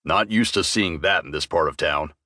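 A man voicing a massive, jumpy male troll bartender in an audiobook, talking slow and grumbling. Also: low-pitched, sharp tone, no echo, studio quality, pitched below the performer's own voice. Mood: gruff.

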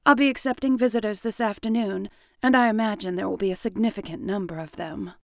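A woman's voice: medium pitch, quick pace, gravelly, no echo, studio quality, close to an everyday voice. A woman doing a cool, guarded young widow. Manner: cool, clipped, polite. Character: composed, guarded young widow hiding her feelings.

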